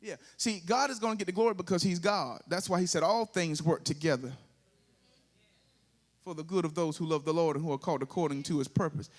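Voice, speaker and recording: A man's voice: a little high, fairly quick. A male pastor with a Southern US accent preaching a sermon, drawing call-and-response from the congregation and building to sung, rising climaxes.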